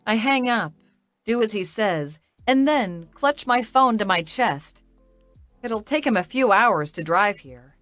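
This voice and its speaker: Woman audiobook narrator, slow, tearful first-person reading, dry close mic. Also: mid-range voice, lively intonation, a bit bright, no echo, soft background music.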